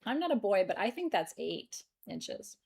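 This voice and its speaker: A woman's voice: mid-range voice, very animated, normal speed, creaky, darkish tone, breathy edge. A middle-aged woman hosting a live stream sale, joking and laughing as she shows off stones. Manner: playful, giggly, jokey. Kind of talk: live-stream sales chat.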